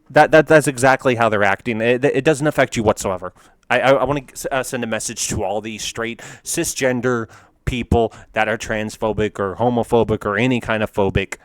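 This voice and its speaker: Man, casual meme reaction, ranting, profane, laughs a lot, mid-pitched, dry room. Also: a little fast, no room sound. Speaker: YouTuber reacting to memes.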